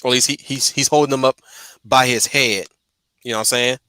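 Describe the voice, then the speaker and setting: A man talks casually as the host of a stream, tripping over his words and repeating himself as he works through his ideas. His voice is bright and forceful. The sound is dry and close, with no room echo. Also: medium pitch, steady tone, a little fast, clear, resonant tone. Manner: stumbling restarts, repeats words.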